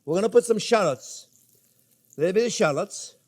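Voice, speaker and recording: A man's voice: sits high, expressive, a little fast. An older man hosting a cooking show, chatting playfully with viewers as he cooks. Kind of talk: casual cooking demonstration.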